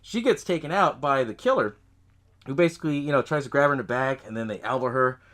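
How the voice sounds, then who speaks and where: A man hosting a podcast, casually recapping a horror movie in a profane, animated way, laughing often and acting out the characters' lines. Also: medium pitch, fast talker. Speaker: podcast host.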